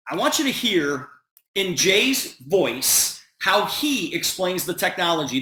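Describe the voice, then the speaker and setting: Man, bright voice, slightly high, animated storyteller, echoey room. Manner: animated storyteller quoting dialogue. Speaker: presenter. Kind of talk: storytelling sales presentation.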